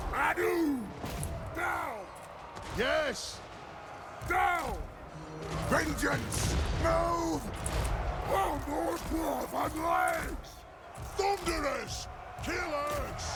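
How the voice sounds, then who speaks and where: A man's voice: very high voice, creaky, heavily acted. An actor voicing fierce, vengeful male dwarf soldiers who bark short battle cries and orders as game voice lines. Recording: loud game battle noise.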